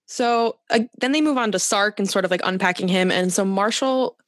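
A woman's voice: medium pitch, moderate pace, dry recording, clean studio sound. Chatty woman recapping a TV episode. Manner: chatty, laughs often, self-correcting. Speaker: podcast co-host. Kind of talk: casual chat recapping episodes.

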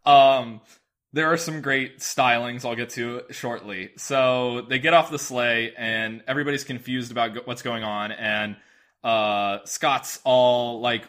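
A man's voice: medium pitch, fairly even intonation, a little slow, a bit bright. A man, a podcast guest, chatting casually and rambling through a movie recap with acted-out lines. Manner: rambling, storytelling, acts out lines.

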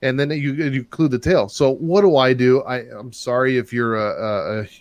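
Rambling, excitable male storyteller. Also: mid-range voice, normal speed, no room sound. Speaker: podcast host telling a story. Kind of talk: casual chat.

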